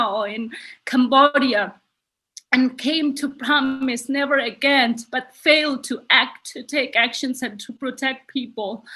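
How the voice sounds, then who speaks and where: Woman from myanmar talking on a video call, kinda high bright voice, earnest, lots of restarts. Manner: earnest, halting with many restarts, becomes emotional. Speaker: human rights activist, guest speaker. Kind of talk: personal testimony in a virtual summit.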